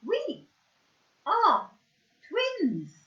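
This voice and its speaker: Squeaky sock puppet monkey girl voiced by a woman, sing-song, very high, dull audio. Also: huge pitch swings, very slow, sharp tone, full character voice. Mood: cheery. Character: chirpy little female monkey sock puppet.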